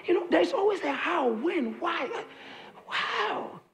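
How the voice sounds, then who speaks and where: A man preaching a sermon, repeating his lines emphatically, building to shouts, and calling on the congregation to answer. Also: very high-pitched, very animated, takes it slowly. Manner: calls on the congregation to respond. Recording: echoey room with crowd audible. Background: congregation responding.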